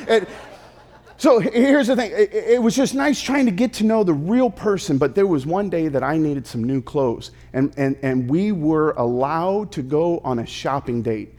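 A pastor in his thirties preaching a sermon, telling stories playfully and slipping into quick put-on voices. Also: high-pitched, animated, a little mellow.

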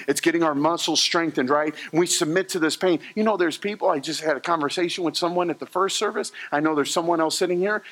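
A middle-aged man preaching a sermon as pastor, humorous and animated, acting out quotes as he tells stories. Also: high-pitched.

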